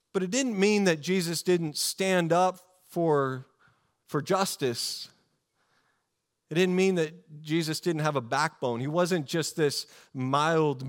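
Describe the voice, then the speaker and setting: A man preaching a sermon in a casual, animated storytelling way, with many fillers and restarts. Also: on the high side. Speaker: pastor.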